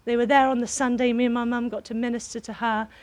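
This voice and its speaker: A woman with a high voice gives a sermon. She tells a personal story in a lively way, and her laughter keeps breaking through. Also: quick pace. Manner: animated, bursts into laughter while telling a story. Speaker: preacher.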